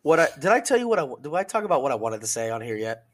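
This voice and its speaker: A man co-hosting a casual podcast, telling a profane, animated story and acting out what other people said. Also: medium pitch, racing. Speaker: podcast co-host, service member.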